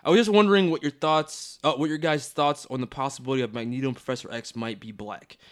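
A young man co-hosting a podcast in casual chat, effusive and quick to laugh, with lots of filler words. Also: mid-range voice, steady tone, fairly bright tone. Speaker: podcast co-host.

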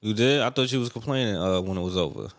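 A man's voice: lowish voice, fast talker. A young man co-hosting a podcast in casual chat, laid-back and teasing as he tells a story. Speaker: podcast co-host.

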